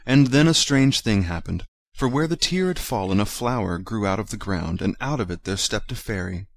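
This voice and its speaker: Low-voiced man reading a storybook. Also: expressive, normal speed. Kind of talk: storybook read-aloud.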